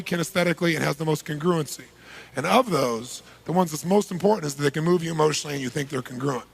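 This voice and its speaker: A man giving a live seminar talk to a large audience, energetic and punchy, polling the crowd with quick questions. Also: fairly high pitch. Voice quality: gravelly, husky. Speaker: seminar speaker.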